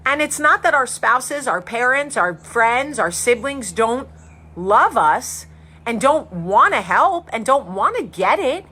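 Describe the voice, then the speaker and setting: High, lively, bright-voiced woman. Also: takes it slowly, slightly rough. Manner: frank, animated, casual swearing. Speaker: host. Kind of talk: candid monologue.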